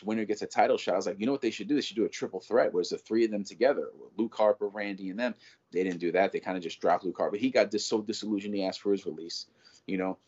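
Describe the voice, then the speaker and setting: A man talking in a casual chat as a show's co-host, animated and profane, rambling with lots of restarts. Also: on the low side. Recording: dull lo-fi audio.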